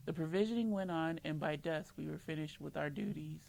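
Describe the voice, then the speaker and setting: A woman's voice: low voice, fairly quick, creaky, a little mellow, slight background noise. A woman reading visual novel narration aloud, often tripping over words and correcting herself. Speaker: game streamer reading dialogue aloud. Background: game music.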